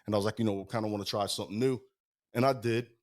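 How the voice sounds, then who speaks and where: Fast-talking, foul-mouthed man. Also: on the low side, fairly even intonation. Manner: fast-talking, heavy swearing, rambling anecdotes. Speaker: guest musician. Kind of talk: casual storytelling. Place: podcast studio.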